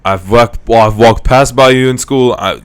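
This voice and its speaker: A man's voice: mid-range voice, moderate pace, smooth. A young man hosting a podcast, chatting casually and telling rambling stories with frequent restarts. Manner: relaxed, rambling storytelling with restarts. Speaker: podcast host. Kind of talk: casual chat.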